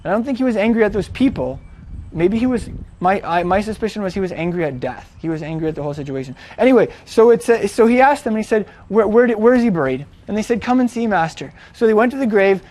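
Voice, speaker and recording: A man's voice: sits high, quick pace, darkish tone. A man retelling a story in a chatty, informal way, with frequent restarts and fillers. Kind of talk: casual storytelling.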